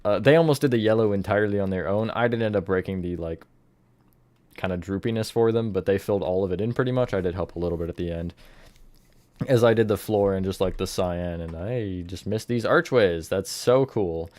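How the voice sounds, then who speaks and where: A man's voice: sits low, a little fast, darkish tone, no room sound. A man chatting casually on a live stream as he builds in a game, thinking aloud and greeting viewers from the chat.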